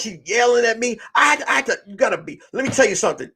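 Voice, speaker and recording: Comedian host, husky lively voice, bright tone, acts out every character in his story. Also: very high-pitched, fast, few pauses. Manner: acts out characters, swings from hushed to shouting.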